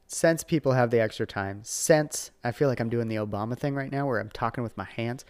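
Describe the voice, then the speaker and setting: Rambling middle-aged dad hosting a podcast. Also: male voice, mid-range voice, a little fast, few pauses, clean tone, no echo. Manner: rambling, animated, frequent fillers and restarts. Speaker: podcast host and father. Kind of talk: casual podcast chat.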